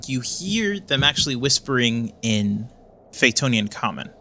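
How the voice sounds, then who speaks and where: A man narrating a tabletop game as game master, relaxed and halting, with frequent ums and uhs. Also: mid-range voice, a little hiss or hum.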